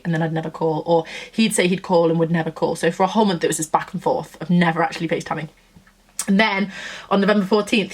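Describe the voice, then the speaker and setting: A woman in her twenties from England, telling a story in a gushing, chatty vlog style and acting out what people said. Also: lowish voice. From Nottingham, England. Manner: chatty, gushing, acts out quotes. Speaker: vlogger. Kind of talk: casual storytelling chat.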